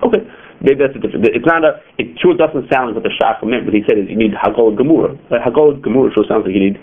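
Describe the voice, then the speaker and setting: A man teaching a class on religious law, explaining quickly with frequent "okay" and "you know" asides. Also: medium pitch. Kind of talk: classroom lecture. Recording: tinny phone-like lo-fi recording.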